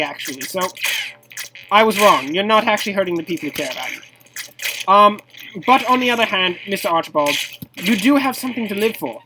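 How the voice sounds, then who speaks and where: A woman giving playful, mock-serious commentary over a game, scolding in a theatrical mock-formal tone that breaks into high squeals. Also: expressive, fairly quick, pauses often, over music, poor audio. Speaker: gameplay commentator.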